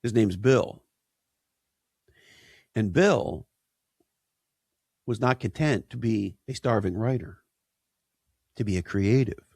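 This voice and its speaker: A man's voice: fairly low pitch, takes it slowly, creaky, long pauses, a little mellow, no echo, studio quality. A man speaking as an interview guest, emphatic and punchy, tossing out rhetorical questions. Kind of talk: conversational interview.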